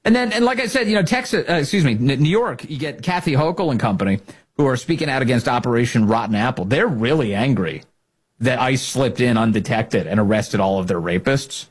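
A man's voice: animated, fast talker, slightly rough. A man hosting a political talk show, speaking in a sarcastic, opinionated way and often mocking his opponents. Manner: sarcastic, mocks opponents in high put-on voices.

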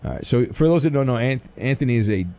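A man hosting a call-in sports radio show, answering callers in a deadpan, sarcastic way. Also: medium pitch, fast talker. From Orange County, California. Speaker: radio host.

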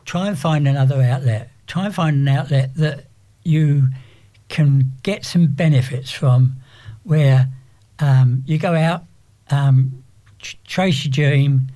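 An older English man talking as an interview guest, rambling and halting with frequent restarts. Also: mid-range voice, dark tone. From England. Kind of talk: casual interview.

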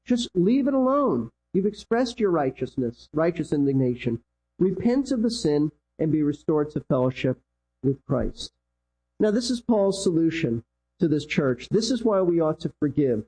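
Male pastor, emphatic sermon delivery, husky and mellow, repeats for emphasis. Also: very animated, normal speed, low-quality recording. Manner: emphatic preaching, repeats key lines, pitch swings.

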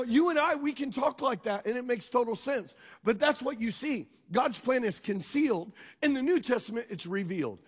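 High-pitched preacher in a ringing hall. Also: male voice. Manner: emphatic, calls out to the congregation. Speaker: pastor. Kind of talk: sermon. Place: church sanctuary. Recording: long reverb of a large hall.

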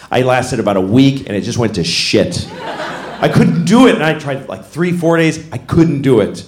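A man doing a stand-up comedy routine, telling stories animatedly and shouting punchlines. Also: medium pitch, brisk. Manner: animated storytelling, acts out voices, shouts punchlines.

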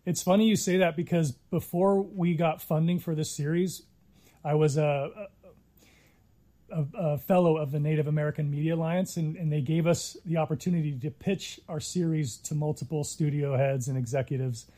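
A middle-aged man speaks earnestly as an interview guest. His voice is mellow and a little high, and he often restarts his sentences as he tells a long story. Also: steady tone, moderate pace. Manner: earnest, reflective, with frequent restarts. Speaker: interviewee, Native filmmaker.

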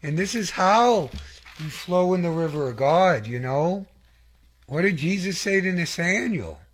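A man's voice: high voice, lively intonation, a little slow, a little hiss or hum. A man giving an earnest, conversational testimony sermon, rambling with fillers and restarts and asking the audience to affirm him. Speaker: lay preacher giving testimony.

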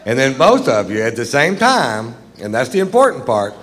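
A middle-aged man doing a stand-up routine, drawing out dry punchlines and acting out shouted quotes. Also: medium pitch, sing-song, normal speed. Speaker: stand-up comedian. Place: large theater stage. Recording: live hall recording with crowd noise. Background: audience laughter.

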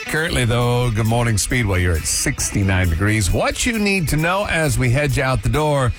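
A man's voice: medium pitch, animated, normal speed, faint music behind. A man hosting a morning radio show with chatty, jokey banter. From Indiana.

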